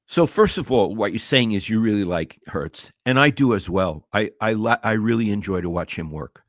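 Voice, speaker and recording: An older man with a Brooklyn accent co-hosting a sports talk show, deliberate and wry. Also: on the low side, animated, dry recording, studio quality. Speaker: podcast co-host.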